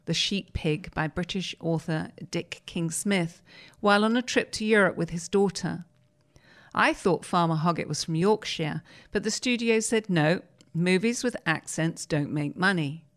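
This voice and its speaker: A woman, reading newspaper articles aloud on the radio in a steady, measured way. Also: fairly low pitch. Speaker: radio reader.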